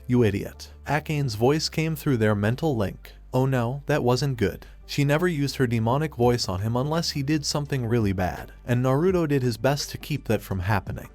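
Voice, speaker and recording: A man narrating a fan fiction story in a flat, even reading voice. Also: mid-range voice.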